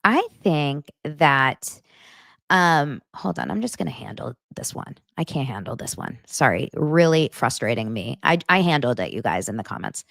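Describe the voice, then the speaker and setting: A woman's voice: very deep voice, lively intonation, normal speed, gravelly, fairly bright tone, no echo. A young woman hosting a podcast, chatting casually and retelling reality-show scenes with lots of fillers. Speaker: podcast host. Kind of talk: casual pop-culture chat.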